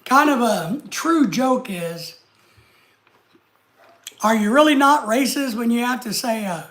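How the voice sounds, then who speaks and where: A man's voice: very high voice, normal speed, fairly bright tone. A man hosting a live stream, chatting casually and answering viewer comments in an easygoing way. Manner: easygoing, chatty, talks straight to the chat.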